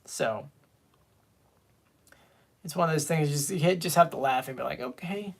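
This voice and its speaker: A man's voice: on the high side, unhurried, creaky. A man hosting a casual live stream, chatting and reading viewer comments aloud. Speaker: fan show host.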